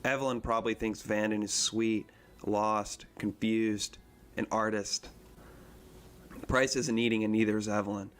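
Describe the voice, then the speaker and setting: Man reading a novel aloud, steady. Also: fairly low pitch, a little slow, slight background noise. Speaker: reader.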